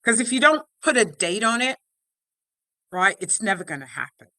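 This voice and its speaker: Chatty woman with a bright voice. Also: medium pitch, big pitch swings, moderate pace, no echo. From London, England. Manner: chatty, frequent "right?" and "you know" tags. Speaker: life coach guest. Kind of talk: casual interview chat. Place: home office.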